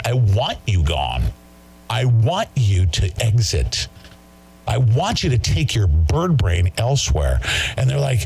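A man's voice: medium pitch, big pitch swings, moderate pace, darkish tone, breathy edge. A man hosting a talk show, ranting in an agitated way and mocking his critics. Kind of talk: heated monologue.

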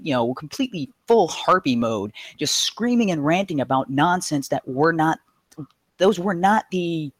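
A man calling in to a live show, talking fast and emphatically with frustration and profanity. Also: a little high, no room sound. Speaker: caller. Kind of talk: heated call-in rant.

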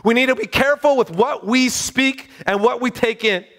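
A man's voice: extremely high pitch, normal speed, a bit bright. A man preaching a sermon in a fervent, exclaiming way.

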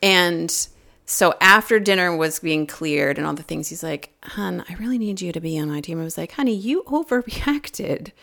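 Gravelly-voiced woman telling a story. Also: low-pitched, normal speed. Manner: rambling, animated, laughing often. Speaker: podcast regular. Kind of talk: casual chat, personal storytelling.

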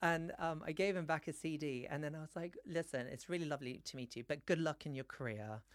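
A man's voice: on the high side, fast, no room sound, clean studio sound. A man who is a podcast guest, telling a story in casual chat and laughing as he goes. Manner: animated storyteller, laughs mid-sentence. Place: studio.

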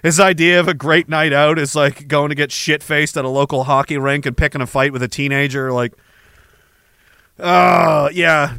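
A man's voice: on the high side, moderate pace, sharp tone, clear, resonant tone, no echo, clean studio sound. A man from Canada rambling through a sarcastic, profane comedic rant, laughing between his thoughts. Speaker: vlogger.

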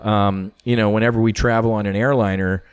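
A middle-aged man, a former fighter pilot, telling stories as a podcast guest in a casual, animated way, swearing freely and full of "you know" fillers. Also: lowish voice, fairly quick, clean tone, no room sound. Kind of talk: casual conversational storytelling.

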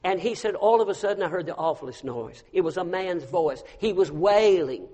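A man preaches a storytelling sermon. He drops to a hush, then rises to a loud cry. His voice rings with the long reverb of a big church hall. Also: high voice, expressive, normal speed, husky. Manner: storytelling, swinging from hushed to loud. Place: church sanctuary.

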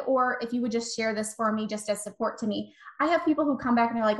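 A woman's voice: on the high side, quick pace, few pauses. Upbeat woman coaching in an echoey room. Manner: chatty, encouraging, acts out quoted dialogue. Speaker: guest, virtual assistant coach. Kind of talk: casual podcast interview.

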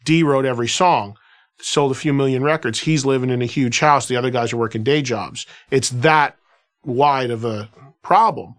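A man's voice: medium pitch, moderate pace. A man who hosts a radio show, telling anecdotes in a loose conversational way, often restarting and filling with "you know.". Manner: animated anecdotal telling, filler-heavy with restarts. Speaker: radio host. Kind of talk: casual conversational storytelling.

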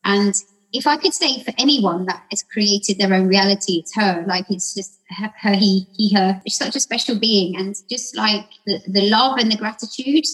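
A woman's husky voice carries this casual podcast chat. She rambles through her stories and acts out what other people said along the way. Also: mid-range voice, normal speed, poor audio. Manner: rambling, warm storyteller acting out quotes with laughs. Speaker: podcast guest.

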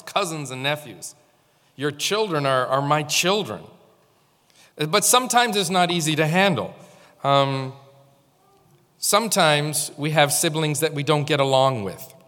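A man's voice: a little high, animated, a little slow, fairly bright tone. A male pastor giving an informal sermon, telling stories and speaking directly to the congregation. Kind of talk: conversational sermon. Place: church. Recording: long hall reverb.

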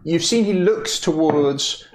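A man narrating as game master in a relaxed, animated way, recorded in an echoey room. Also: a little high, takes it slowly. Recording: echoey room, faint noise.

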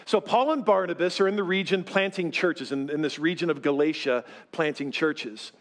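A man's voice: on the high side, moderate pace. A man of fifty preaching a sermon as pastor to his church, talking in a loose, self-deprecating way with many fillers. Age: 50s. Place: church sanctuary with live congregation.

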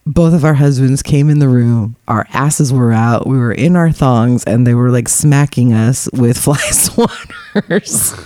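A woman's voice: extremely low pitch, measured pace, hardly any pauses, dry recording. A woman telling a rowdy story in casual chat, giggling often and jumping into voiced impressions. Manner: giggly, animated, lots of fillers and voiced impressions.

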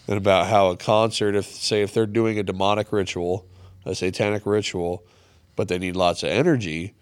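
A man's voice: fairly low pitch, fairly even intonation, moderate pace, clean tone. A man co-hosting a podcast, chatting casually and rambling with lots of filler words. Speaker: podcast co-host. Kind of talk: casual chat.

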